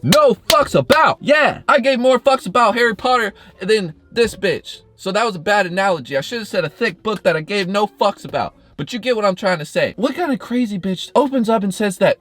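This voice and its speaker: A young man, a YouTuber, telling a story in a casual storytime vlog, animated and profane, with his pitch jumping up and down. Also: normal speed, hardly any pauses.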